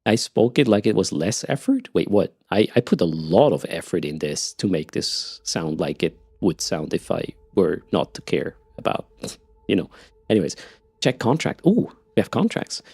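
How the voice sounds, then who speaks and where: A man's voice: low voice, very animated, normal speed, vocal fry, a little mellow, husky, no room sound, studio quality. A man with a Swiss German accent chatting casually with his live-stream audience while playing, often repeating words as he starts a sentence. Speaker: game streamer.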